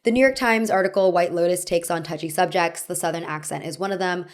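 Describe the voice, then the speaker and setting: Young woman doing a video essay, lowish voice, wry chatty narration. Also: quick pace. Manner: conversational and wry, with light humor.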